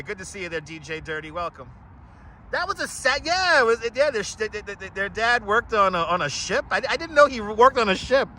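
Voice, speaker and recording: Brief: talkative New guy, raised-ish pitch, bright edgy tone, clip-on mic on a city walk, faint traffic behind. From Brooklyn, New York. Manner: chatty, rambling, greets viewers by name. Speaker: live-stream host. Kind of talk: casual walking live stream. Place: outdoors on city streets, walking. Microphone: wireless clip-on mic.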